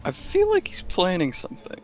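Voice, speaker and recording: A man's voice: high voice, wildly swooping pitch, fairly quick, faint music behind. A man playing a tabletop game, asking probing, wary questions in character. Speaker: player. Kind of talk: tabletop role-play chat.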